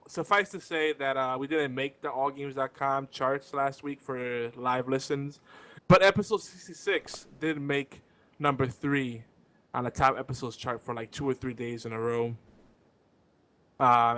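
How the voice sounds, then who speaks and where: Chill guy hosting a gaming podcast, mid-pitch, easygoing talk. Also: bright, forceful tone. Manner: laid-back, chatty, fillers and restarts. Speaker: podcast host. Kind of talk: casual show hosting.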